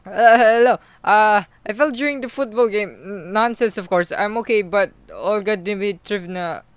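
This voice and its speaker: A man voicing a flustered young male camper in a visual novel, talking high, loud and jittery. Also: moderate pace, clear, resonant tone, dry recording. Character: flustered young male camp pioneer boy.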